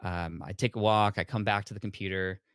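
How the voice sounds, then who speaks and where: A man in his thirties with a fairly low voice recounts his story as a podcast guest. He acts out his past self with lively, expressive turns. The recording is dry and close, with no room sound. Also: fairly quick, clean tone, no room sound. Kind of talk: storytelling in conversation.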